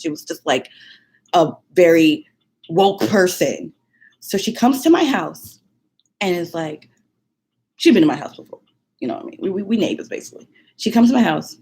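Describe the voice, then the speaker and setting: A woman vlogger telling a personal story in an animated, casual way, full of fillers and laughs. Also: fairly low pitch, breathy edge. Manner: animated, many fillers, laughs while talking.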